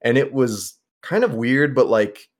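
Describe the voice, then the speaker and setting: Speaking a little slowly, this young podcast co-host has an animated, medium-pitched voice. His casual talk wanders, packed with fillers and the occasional curse word.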